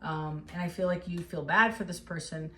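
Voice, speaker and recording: A woman's voice: fairly low pitch, fairly even intonation, moderate pace, sharp tone. A woman giving a casual tarot reading, talking straight to the viewer in an encouraging, emotional way. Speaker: tarot reader.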